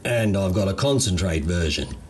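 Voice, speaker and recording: Here is an unflappable Australian gardener bloke with a low, drawling voice that rises and falls freely as he talks, as a man puts him on. He stays easygoing and slangy, never rattled. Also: expressive, moderate pace, slight background noise.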